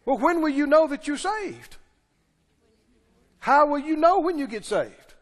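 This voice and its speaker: A man preaching a sermon, alternating shouted, slowly stressed lines with quiet mimicry of pleading believers. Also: animated. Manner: preaching with shouted emphasis and slow, drawn-out stresses; mimics pleading believers in low, soft voices. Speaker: pastor. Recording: long church reverb.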